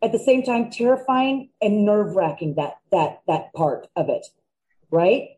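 Mellow-voiced woman telling stories. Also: mid-range voice, a little slow, low-quality recording. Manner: animated anecdote-telling. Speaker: guest, former wrestler. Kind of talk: casual storytelling.

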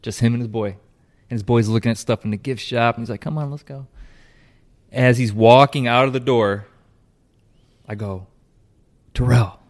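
A man chatting casually as a co-host, telling a lively story, swearing freely and acting out what people said. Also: medium pitch, moderate pace. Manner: animated storyteller, swears freely, acts out quotes. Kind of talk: casual chat.

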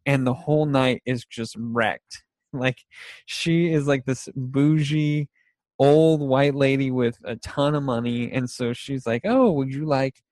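A man's voice: mid-range voice, steady tone, takes it slowly, a little mellow, no echo. A young man chatting casually about favorite TV shows, rambling and laughing often as he acts out scenes.

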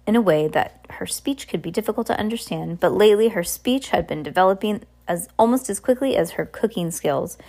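A woman's voice: medium pitch, darkish tone. A young adult woman reading a storybook aloud to her child, casual, with restarts and chatty asides.

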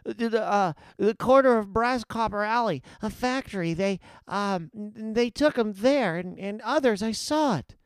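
A man's voice: high voice, lively intonation, a little slow, few pauses, clean tone, no echo, pitched above the performer's own voice. A man voicing a frightened young boy in a read-aloud story, stammering and tripping over words. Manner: stammering, breathless.

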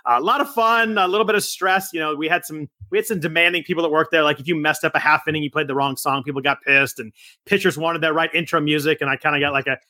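A man appearing as a podcast guest, telling stories in a rapid, chatty, loose way. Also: fairly high pitch, fairly even intonation, sharp tone, no echo, studio quality. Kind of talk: casual podcast chat.

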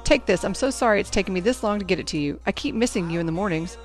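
A woman's voice: medium pitch, lively intonation, faint music behind, voice pushed up, natural voice. A woman voicing a fussy, kindly older woman neighbor who insists on paying, in a storybook reading. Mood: insistent. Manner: insistent, brisk.

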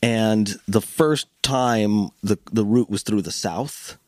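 A man co-hosting a podcast, telling a story in wry, animated casual chat. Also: on the low side, slow pace, no room sound. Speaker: podcast co-host.

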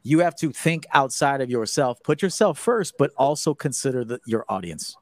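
On a call-in dating-advice podcast, a man coaches bluntly and emphatically, with plenty of profanity, acting out the lines he quotes. His voice is medium-pitched and animated, at normal speed, with no echo.

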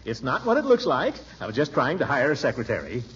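An actor playing a blustering, flustered middle-aged official who stammers and chuckles, in 1940s radio acting style on a dull old recording. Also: male voice, medium pitch, huge pitch swings, quick pace, a bit bright. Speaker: pompous small-town official.

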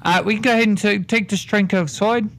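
High, stammering man playing a tabletop game. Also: steady tone, quick pace, gravelly, a bit bright. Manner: stammering, hesitant. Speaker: player. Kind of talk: tabletop role-play chat.

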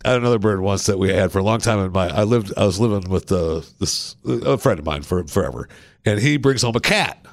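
A man's voice: on the low side, lively intonation, a little fast, no room sound. A man hosting a podcast, telling rambling, self-mocking anecdotes in a casual way. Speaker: podcast host. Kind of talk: casual storytelling.

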